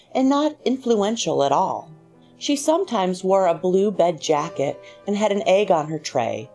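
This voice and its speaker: A woman narrating a short story in a measured, expressive reading voice. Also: medium pitch. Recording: faint music underneath.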